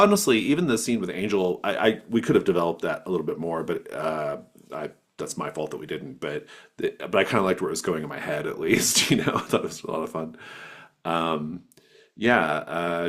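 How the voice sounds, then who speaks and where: Deep, husky man as game master, casual rambling praise for his players. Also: a bit bright. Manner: enthusiastic, rambling, with fillers. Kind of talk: casual wrap-up chat.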